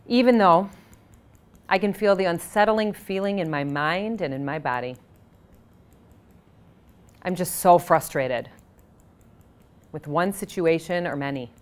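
A woman with a fairly low voice leads a guided tapping session. She speaks calmly and at a measured pace. She guides the listener's breathing with audible sighs. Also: smooth.

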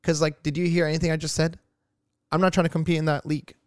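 A man's voice: fairly high pitch, flat delivery, quick pace, clean tone, no room sound, studio quality. A man co-hosting a casual podcast chat, playful and teasing, laughing often. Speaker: podcast co-host.

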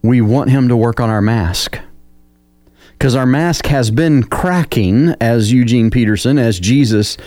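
A man's voice: medium pitch, measured pace, darkish tone, no room sound. A male radio co-host, speaking thoughtfully and searching for words. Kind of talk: reflective radio chat.

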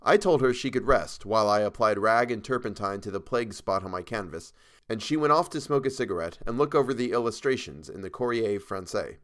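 A man with a low voice narrates a horror story for a podcast, reading in a measured, even way with a dark, dramatic weight.

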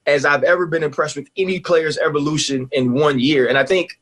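Brief: husky man in his forties, sports radio guest, emphatic and lively, slightly high voice. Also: fairly quick. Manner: animated, emphatic, laughs often. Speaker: guest analyst, former player.

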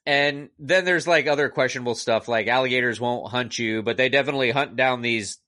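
A man chats casually on a podcast, rambling through a retelling with plenty of filler words and exasperated asides. His voice sits at an ordinary middle pitch. The recording is dry and close, with no room sound. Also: pushed and bright, dry recording. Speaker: podcast co-host reviewing a movie. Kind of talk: casual chat.

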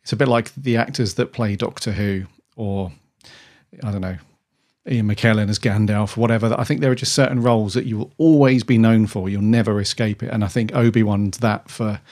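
Podcast co-host, man, lowish voice, loose rambling chat with restarts. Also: fairly even intonation, brisk, a little mellow. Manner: rambling, with frequent restarts and enthusiastic asides. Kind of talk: casual chat.

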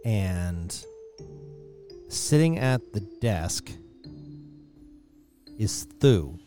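A man's voice: on the low side, extremely slow, soft background music. A man narrating as game master of a tabletop role-playing game, voicing pirates now and then. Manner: lively narration, slips into pirate voices.

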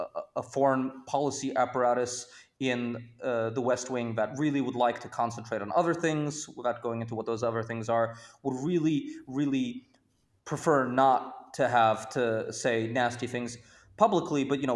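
Halting, emphatic commentator from Brooklyn. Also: male voice, medium pitch, fairly even intonation. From Brooklyn, New York. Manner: halting, many restarts, rising emphasis. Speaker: guest commentator. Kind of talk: discussion panel commentary.

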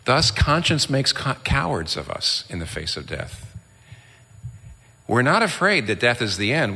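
A man's voice: mid-range voice, big pitch swings, measured pace, pushed and bright, breathy edge. A male pastor preaching an earnest sermon that builds to emphatic peaks. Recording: long hall reverb.

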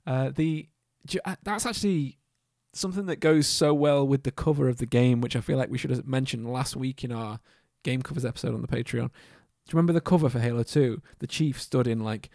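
A man's voice: medium pitch, brisk, vocal fry, few pauses, a little mellow, no room sound, studio quality. A man co-hosting a podcast, chatting casually about game music, swearing freely and humming tunes as he talks. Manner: swears freely, hums and sings tunes mid-sentence. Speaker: podcast co-host.

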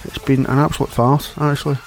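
A man's voice: medium pitch, level tone, fast, gravelly. Sweary Glaswegian man ranting. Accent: Glasgow Scottish. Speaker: pirate radio DJ. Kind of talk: scripted comedy radio show.

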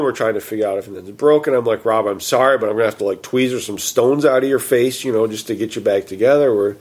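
A man casually telling a story, animated and quoting himself and his friends. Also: medium pitch.

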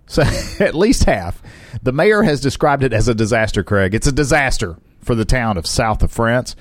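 A man co-hosting a podcast, reading headlines in a goofy way and stumbling over foreign names. His voice is lively and his pitch moves a lot. The sound is close and dry. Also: moderate pace, dry recording. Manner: goofy, laughs often, mangles foreign words. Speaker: podcast co-host. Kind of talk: casual banter reading news headlines.

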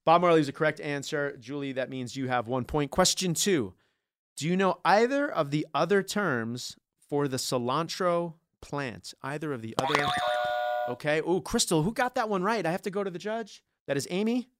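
A man's voice: a little high, fairly bright tone, no room sound, studio quality. Jokey man hosting a food debate show. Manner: jokey, theatrical, quick asides. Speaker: podcast host. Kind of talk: playful game-show style hosting.

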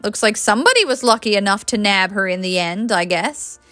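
A woman's voice: mid-range voice, lively intonation, brisk, fairly bright tone, no echo, faint music behind, lightly acted. A woman reading the lines of a flustered, defensive young man in a storybook. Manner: sputtering, defensive.

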